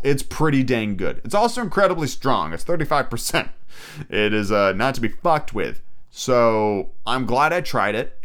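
A man's voice: mid-range voice, fairly bright tone, smooth. A young man hosting a podcast, telling a rambling, profane, self-mocking travel story. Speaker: podcast host. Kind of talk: casual storytelling.

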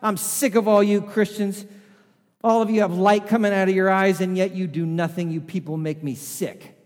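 A man putting on the voice of an agitated young man, shouting in high-strung outbursts. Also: brisk, big-room sound, close to an everyday voice. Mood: angry.

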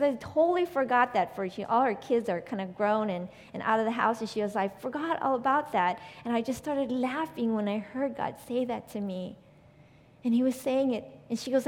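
A woman preaching a sermon, earnest and storytelling, growing quieter when she quotes scripture. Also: a little high, big-room sound.

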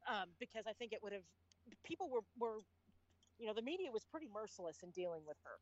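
A woman's voice: medium pitch, very animated, fast talker, no room sound, muffled recording. A woman co-hosting a podcast from her home, chatting casually and expressively. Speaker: podcast co-host. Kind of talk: casual chat.

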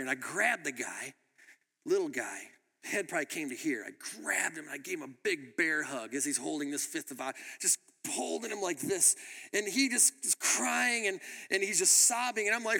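A pastor preaching a sermon in a high, bright voice with an animated, laughing way of telling stories. The sound carries the long reverb of a church hall. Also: male voice, a little fast, vocal fry. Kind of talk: sermon with storytelling.

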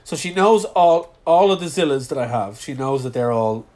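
Relaxed guy, medium-pitched voice, casual chat co-host, rambles a bit. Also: moderate pace. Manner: easygoing, rambling with fillers.

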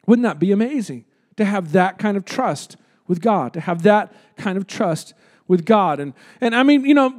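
High-voiced pastor preaching conversationally. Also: male voice, darkish tone. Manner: conversational, rhetorical questions, repeats words for emphasis. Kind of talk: sermon.

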